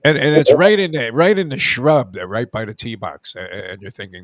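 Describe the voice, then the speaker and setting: A man's voice: mid-range voice, moderate pace, no echo. Rambling joking male radio host. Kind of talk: casual radio chat.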